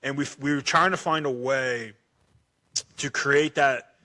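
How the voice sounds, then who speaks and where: A man's voice: medium pitch, fairly even intonation, measured pace, pushed and bright. A man hosting a podcast interview in a casual, chatty way, often repeating words as he thinks. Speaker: podcast host.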